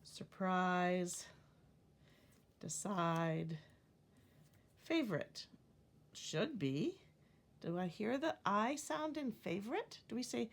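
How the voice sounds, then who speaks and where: A woman teacher walking through a phonics word sort, speaking clearly and deliberately and stretching words to show the stress. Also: fairly low pitch, sing-song. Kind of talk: classroom phonics lesson.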